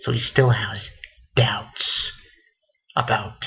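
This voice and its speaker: In a fairly low, slightly rough voice with flat delivery and a slow pace, an anime reviewer gives a casual recap of an episode. He rambles loosely, swears a great deal, and uses many fillers, all in a dull lo-fi recording.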